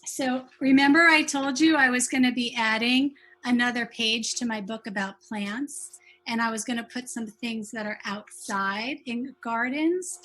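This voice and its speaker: A woman teaching young children letter sounds, speaking slowly and sounding out each sound with care. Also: on the high side, a bit bright.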